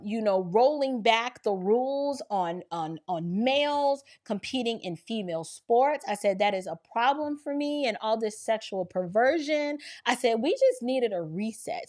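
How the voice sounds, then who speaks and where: A woman from Georgia tells a personal story in a lively, casual way, quoting both sides of a conversation as she goes. Her voice sits a little high, and she talks straight to her listeners. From Georgia, near Atlanta. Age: adult with children. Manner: lively, quotes people in dialogue, addresses listeners as y'all. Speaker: storyteller recounting an encounter.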